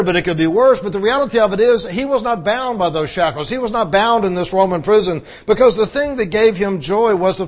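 High-voiced man preaching a sermon. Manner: conversational preaching with restarts and emphatic repetition. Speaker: pastor.

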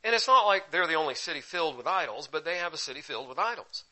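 A man preaching a sermon, teaching with sudden bursts of loud emphasis that drop into quiet asides. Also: a little high, animated, fast, rough recording. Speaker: pastor.

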